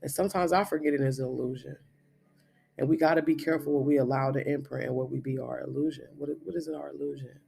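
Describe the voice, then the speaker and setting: A man's voice: mid-range voice, fairly even intonation, fast talker, gravelly, warm tone, a little hiss or hum. A man in his thirties, a spiritual reader, giving a blunt, profane, emphatic monologue. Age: 30s.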